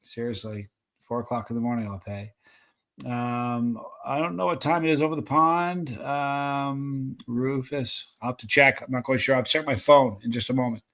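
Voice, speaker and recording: A man hosting a live stream, reading viewer comments aloud and calling out excited countdowns. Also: mid-range voice, normal speed.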